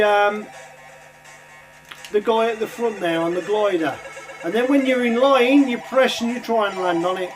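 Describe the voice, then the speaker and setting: Chatty high-voiced man reviewing games. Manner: chatty, rambling, lots of ums and uhs. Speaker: retro game reviewer. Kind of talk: casual gameplay commentary.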